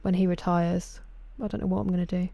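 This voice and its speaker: Low, mellow Sussex woman streaming. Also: little pitch movement, a little fast, vocal fry, no echo. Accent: Sussex English. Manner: chatty, greets viewers by name. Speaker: game streamer. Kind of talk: casual live-stream chat.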